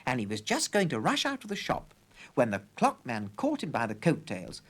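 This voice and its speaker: A man narrating a children's story in a lively, playful way. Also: medium pitch, moderate pace.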